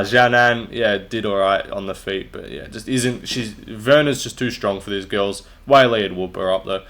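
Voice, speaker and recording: Blunt, profane young man with a lowish voice. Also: fairly bright tone. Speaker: MMA commentator and channel host. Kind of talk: casual solo fight recap.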